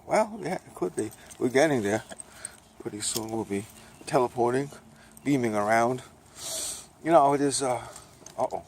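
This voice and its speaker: A man's voice: on the low side, vocal fry. An older man from Brooklyn with a Brooklyn accent, talking in a meandering, chatty, folksy way on a casual vlog walk, filmed on his phone outdoors. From Brooklyn, New York. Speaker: vlogger. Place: outdoors on a walk, by a road and railway. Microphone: phone camera. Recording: noisy outdoor phone recording. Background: outdoor noise.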